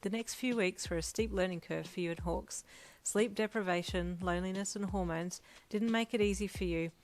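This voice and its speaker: A woman reading a second-person fan fiction audiobook in a steady, soft storytelling manner. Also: on the low side. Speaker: fanfiction reader.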